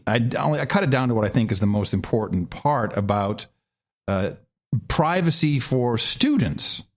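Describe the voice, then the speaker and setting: A middle-aged man co-hosting a political podcast, mocking clips with sarcastic, animated remarks. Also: mid-range voice. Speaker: podcast co-host. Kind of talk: casual political commentary.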